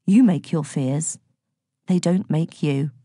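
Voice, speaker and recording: A woman voicing a tender mother in a storybook reading, her low, mellow voice hushed and close. She speaks softly and affectionately, with a faintly husky edge, in a dry, close-miked sound. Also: slow, no echo, full character voice. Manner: soft and tender, turning anxious. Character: gentle, loving mother, drifting into confusion. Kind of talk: audiobook character reading.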